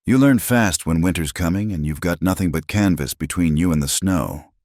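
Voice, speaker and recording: A terse, scarred drifter who talks slow and dry, as a narrator puts him on, in a western storybook. The voice is very deep and gravelly, recorded dry. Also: male voice, darkish tone, no room sound. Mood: laconic.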